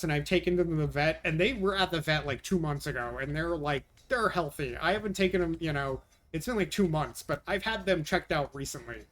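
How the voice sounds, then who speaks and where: A young man chatting casually on a live stream, his voice sitting a bit high for a man. He vents with exasperation and frequent swearing while answering his viewers' comments. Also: a bit bright.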